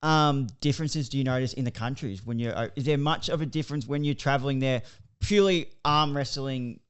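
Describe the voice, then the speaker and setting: Aussie host guy, smooth clear voice, easygoing questions. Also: medium pitch, fairly quick. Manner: relaxed, asks loose questions. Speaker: podcast host. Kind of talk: casual interview questions.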